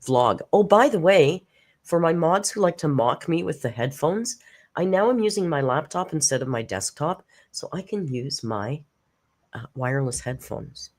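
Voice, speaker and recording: A woman's voice: low-pitched, expressive, normal speed, darkish tone. A woman hosting a live reaction stream, chatting casually, greeting viewers by name and laughing often.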